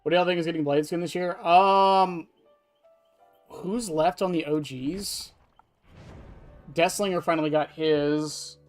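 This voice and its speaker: A game streamer chats offhandedly with viewers from a desk indoors, wandering between topics, answering questions from chat, and swearing from time to time. The mid-range voice keeps a steady tone and measured pace with long pauses, and faint music sits behind it.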